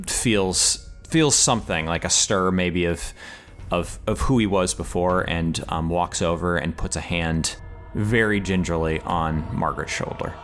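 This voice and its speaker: Male player, deep voice, hesitant, thinking out loud. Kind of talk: casual tabletop play.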